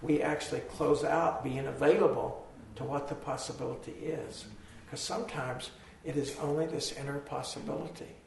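Gravelly, hoarse man teaching meditation. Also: fairly high pitch, steady tone. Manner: slow, reflective, pausing. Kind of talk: dharma talk to a group. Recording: echoey hall from far off, faint noise.

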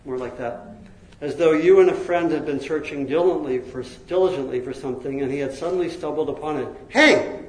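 A man narrating a story in a lively, expressive way, now and then laughing between lines. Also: fairly high pitch, fast. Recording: roomy echo.

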